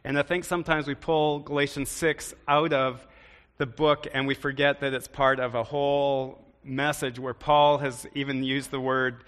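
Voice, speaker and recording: A man's voice: medium pitch, fairly even intonation, moderate pace, a bit bright, long reverb tail. A man preaching a sermon in a conversational way, often turning to the congregation with questions. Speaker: pastor.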